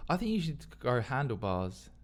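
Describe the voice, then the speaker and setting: A man's voice: mid-range voice, very animated, moderate pace. A man co-hosting a podcast, teasing his partner in casual chat. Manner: teasing, laughs often. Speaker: podcast co-host.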